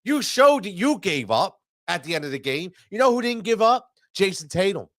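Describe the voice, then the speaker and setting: A sports show host delivers a heated, frustrated postgame rant after a loss, stammering, restarting, and repeating himself while stuffy from allergies. His high, sing-song, slightly bright voice moves at normal speed, in a studio-quality recording with no room sound.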